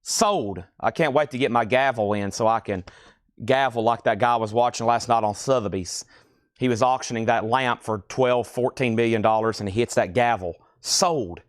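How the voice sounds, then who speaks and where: A man of medium pitch and steady tone talks fairly quickly in a dry recording with clean studio sound. He's hosting a live record sale in a record store over a stream, casually rattling off albums, prices and who bought them.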